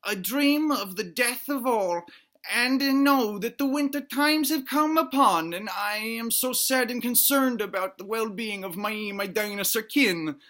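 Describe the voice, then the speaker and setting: A weepy baby dinosaur. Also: male voice, measured pace, fairly bright tone. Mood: fretful. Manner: shrill, wailing and sobbing. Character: tearful tiny baby boy dinosaur.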